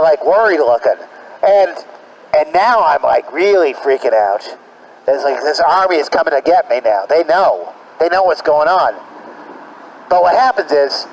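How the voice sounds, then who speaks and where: A man's voice: high-pitched, rough recording. A man doing stand-up comedy, telling a long story and stumbling over repeated words and fillers. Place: outdoors on the street or in a parking lot.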